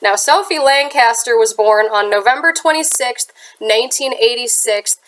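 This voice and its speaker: A woman's voice: a little high, normal speed, a bit bright, low-quality recording. A young woman with a Midwestern accent and a stuffy, sinus-clogged voice, hosting a true crime channel and telling the story in an earnest, chatty way with casual asides. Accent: American Midwestern. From United States. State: congested from a sinus infection. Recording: harsh, clipping home recording.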